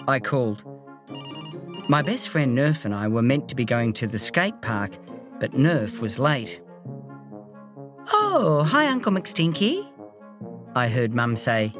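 A woman narrating a children's story aloud in a playful, expressive way. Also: a bass voice. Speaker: audiobook reader.

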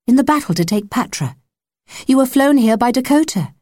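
A woman's voice: high voice, lively intonation, brisk, a little mellow, dry recording, pitched above the performer's own voice. Firm kind nurse lady, a woman reading it, patient, bit of a scold, dry close sound. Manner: patient, chiding. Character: brisk young female army nurse, kindly but firm.

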